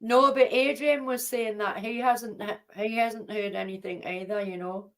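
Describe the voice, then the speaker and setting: A woman's voice: a little high, steady tone, normal speed. Bantering woman host. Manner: teasing, bantering. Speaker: host of a live chat stream. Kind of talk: casual chat.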